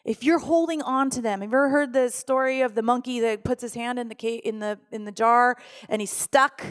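A woman's voice: on the high side, steady tone, a little fast. A middle-aged woman pastor preaching a sermon, telling a personal story with strong emotion and acting out her own pleading prayers.

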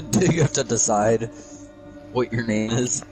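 A man commentating a game with a friend, dry, deadpan and teasing. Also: medium pitch, measured pace, faint music behind, rough recording. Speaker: gamer. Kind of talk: let's play commentary.

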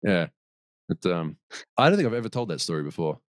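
A man's voice: deep voice, sing-song, brisk, no room sound, clean studio sound. A man as a podcast guest, telling a long story in a rambling way, with restarts and laughs. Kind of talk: casual storytelling.

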